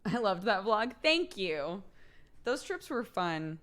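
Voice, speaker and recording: A woman's voice: mid-range voice, big pitch swings, slow, a bit bright. A young woman streamer chatting casually late at night with her viewers, laughing often and reading chat aloud.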